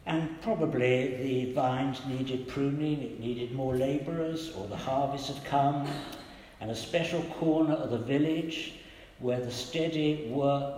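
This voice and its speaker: An older man preaching a sermon, telling stories gently and quoting the people in them. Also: mid-range voice, a little hiss or hum. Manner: gentle storytelling with quoted voices. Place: church. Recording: echoey church hall with long reverb.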